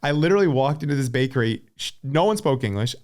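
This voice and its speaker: A man's voice: mid-range voice, quick pace. Middle aged guy telling stories on a podcast, laid back, lots of likes and uhs. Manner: relaxed storyteller, many fillers like and uh. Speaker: podcast guest, former pro cyclist. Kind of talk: casual chat.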